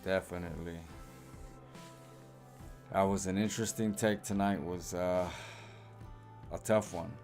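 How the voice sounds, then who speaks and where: A man's voice: deep voice, fairly even intonation, measured pace, pauses often, darkish tone, faint music behind. A man co-hosting a live stream in casual chat, laid back and reflective, leaning on "you know".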